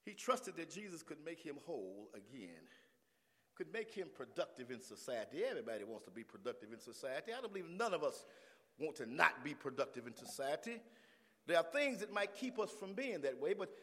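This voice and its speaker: High, lively preacher man shouting in a hall. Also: a little fast. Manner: builds from talk to shouting, call and response. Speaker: pastor. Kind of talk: sermon.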